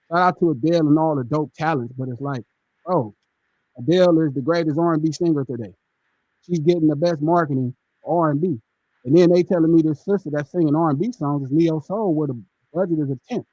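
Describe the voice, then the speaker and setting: A man's voice: on the high side, darkish tone, dry recording, poor audio. A man on a podcast talking earnestly in casual slang. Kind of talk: casual conversation.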